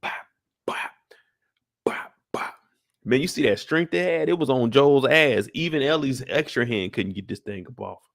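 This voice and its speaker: A man's voice: mid-range voice, a little fast, vocal fry, hardly any pauses, dry recording, studio quality. A young adult man recapping a TV episode in casual, profane commentary. He acts out the scenes with voices and sound effects, and sounds tired, sighing between lines. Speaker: YouTube show recap host.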